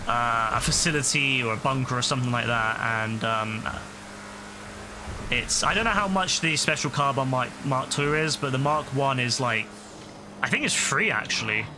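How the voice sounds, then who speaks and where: Young southern English male streamer, mid-pitched, casual and rambling, over heavy game sound. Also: lively intonation, moderate pace. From southern England. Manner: loose, rambling, many fillers and restarts. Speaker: gaming streamer. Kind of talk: casual chat answering viewers while playing. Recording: loud game noise and engine sounds underneath. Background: video game audio with vehicles.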